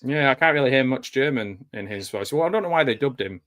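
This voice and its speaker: Here a fast-talking man with a mid-range, slightly bright voice keeps things animated. His live commentary over the film is casual and joking, loaded with fillers and dry, wry humor.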